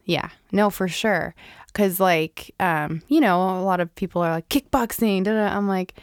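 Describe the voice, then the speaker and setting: A woman's voice: mid-range voice, normal speed, smooth, no room sound, clean studio sound. A woman in casual chat who reacts a lot and restarts her sentences often. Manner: reactive, many short backchannels and restarts.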